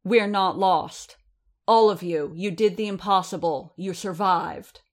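A woman reading the part of a commanding female warrior leader who addresses a gathered crowd in firm, slow, declaiming speech. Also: lowish voice. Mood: rallying. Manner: firm, declaiming, slowed for emphasis. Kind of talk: audiobook reading.

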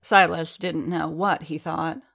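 A woman narrating a novel, with a low, grounded voice. Her reading is measured and steady, a calm scripted storytelling pace. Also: gravelly. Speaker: audiobook narrator.

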